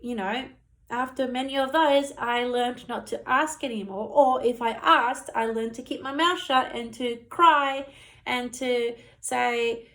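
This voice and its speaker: A woman's voice: a little high, fairly bright tone. A woman in her thirties giving an earnest, heated personal testimony, full of "you know" and "like". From Australia. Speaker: storyteller recounting her childhood.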